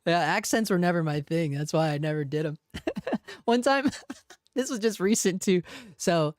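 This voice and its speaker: A man hosting a casual livestream talk show, telling stories in a chatty, self-deprecating way with quick laughs. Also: high voice, lively intonation, no room sound, clean studio sound. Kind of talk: casual live chat, storytelling.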